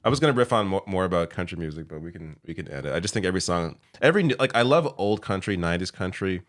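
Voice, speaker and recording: A man co-hosting a podcast, firing off quick, teasing questions in casual chat. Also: sits low, lively intonation. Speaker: podcast co-host.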